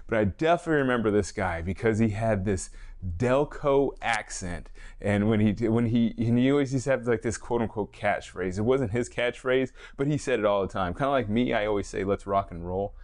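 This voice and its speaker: A man with a fairly low voice talks through his solo podcast in a loose, rambling way. He restarts sentences, corrects himself and chuckles as he goes. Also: a little fast, darkish tone. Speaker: podcast host, fitness trainer. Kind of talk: casual solo podcast monologue.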